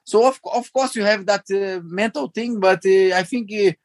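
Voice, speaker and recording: A man from Brazil with a Brazilian Portuguese accent, a native Portuguese speaker talking as an interview guest in halting English full of restarts and fillers. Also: high voice. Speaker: interview guest, former footballer. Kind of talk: casual interview talk.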